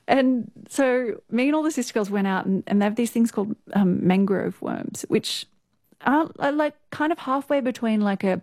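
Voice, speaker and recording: A woman's voice: mid-range voice, moderate pace, a little mellow, no room sound, clean studio sound. Chatty Australian woman telling stories. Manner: chatty, laughs often, many fillers. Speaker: interview guest, news presenter. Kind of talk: casual storytelling interview.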